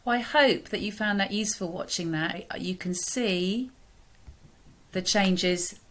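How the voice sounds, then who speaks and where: A woman with an English accent calmly explaining a school reading video to parents, with a few fillers. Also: mid-range voice. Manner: plain, measured, with fillers. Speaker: school staff member presenting training.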